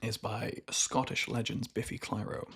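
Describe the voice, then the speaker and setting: A man's voice: fairly low pitch, little pitch movement, normal speed, a bit bright, breathy edge. A young Welsh man, a musician guest, chatting casually and self-deprecatingly on a podcast. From Wales.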